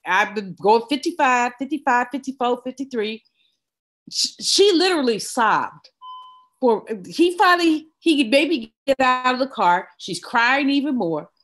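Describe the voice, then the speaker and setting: An older woman, a guest in an interview, telling a personal story in a vivid, animated way. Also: high voice, measured pace. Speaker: guest economist.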